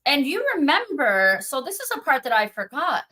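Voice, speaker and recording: A middle-aged woman, a psychic medium guest, telling her story in an interview with animated quoting. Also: moderate pace. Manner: animated, acts out quotes in a high voice.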